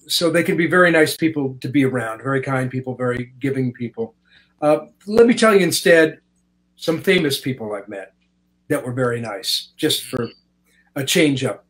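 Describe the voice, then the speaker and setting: An older man from Canada, a voice actor telling stories in a relaxed interview and slipping into voices as he goes. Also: medium pitch, poor audio. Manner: animated, slips into voices while telling stories. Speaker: guest voice actor. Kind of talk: casual interview storytelling.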